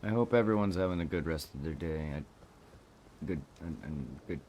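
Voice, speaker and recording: A tired man with a sore throat streaming a game, talking in a monotone, self-deprecating way. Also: rumbling low, moderate pace, a little hiss or hum. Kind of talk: casual live gameplay commentary.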